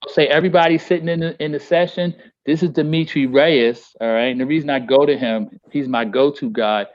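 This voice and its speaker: A man's voice: fairly high pitch, fairly even intonation, brisk, dry recording, highs cut off. A man teaching a poetry workshop on a video call. He speaks emphatically and rhythmically, stretching key phrases and often checking in with "all right?".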